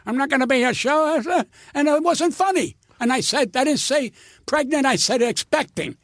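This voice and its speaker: A man's voice: extremely high pitch, lively intonation, normal speed, dry recording, clean studio sound. An older man, a comedian guest, telling stories in an indignant, profane, stammering rant. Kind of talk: ranting storytelling.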